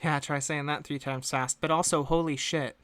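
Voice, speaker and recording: A game master narrating a tabletop game in a chatty, animated way, full of asides. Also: medium pitch, normal speed.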